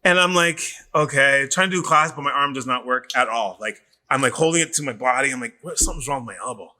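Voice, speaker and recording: A man's voice: medium pitch, a little fast. A middle-aged man, a personal trainer, telling stories in casual podcast chat, acting out quoted voices and swearing freely. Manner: animated storyteller who acts out quoted voices and swears freely.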